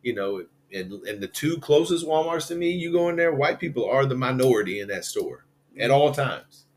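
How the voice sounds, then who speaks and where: A man's voice: mid-range voice, lively intonation, normal speed, a little hiss or hum. A man hosting a podcast, telling rambling, profane stories in casual chat. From Louisville, Kentucky. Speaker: podcast host.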